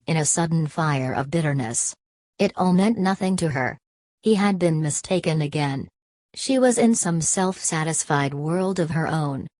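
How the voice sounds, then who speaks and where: A woman with a low, deep voice reads a classic novel aloud in a measured, steady way. The recording is dry and close, with no room sound around her. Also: no echo. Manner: measured, steady literary reading. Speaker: audiobook narrator. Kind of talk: scripted narration of a classic novel.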